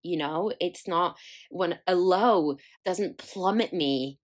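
A woman's voice: fairly low pitch, slow. Young woman doing a solo podcast, chatty and candid, swears a lot, pokes fun at herself. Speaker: podcast host.

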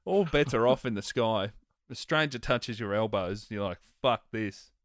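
A man, co-hosting a podcast in jokey, lively banter. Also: mid-range voice, normal speed, no echo, clean studio sound. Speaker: podcast co-host. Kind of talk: casual comedy chat.

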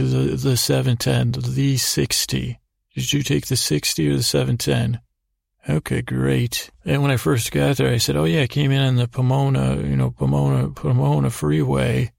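A man telling a meandering, improvised bedtime story in a halting, rambling way. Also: medium pitch, gravelly, a little mellow, no echo, clean studio sound. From United States. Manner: meandering, halting, full of restarts. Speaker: sleep story narrator.

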